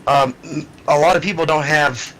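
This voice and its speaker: A man with a slightly raised, bright voice tells a blunt, profane story. His delivery is plain and conversational, with no polish. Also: a little high, steady tone, normal speed, rough recording. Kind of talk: casual storytelling.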